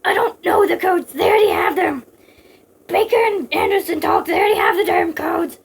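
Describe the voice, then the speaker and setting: A woman voicing a tough male special-forces operative who shouts urgently. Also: sits high, wildly swooping pitch, unhurried, creaky, recorded from a distance, exaggerated voice.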